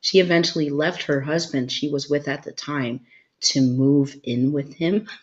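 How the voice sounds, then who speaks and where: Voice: mid-range voice, steady tone, moderate pace, muffled recording. A chatty, agreeable guest in a casual conversation who laughs through her stories. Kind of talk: casual chat.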